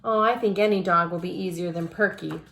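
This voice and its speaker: A woman voicing an eager young boy in a storybook read-aloud, earnest and excitable, with a gravelly edge in her voice. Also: on the low side, fairly quick, slight background noise.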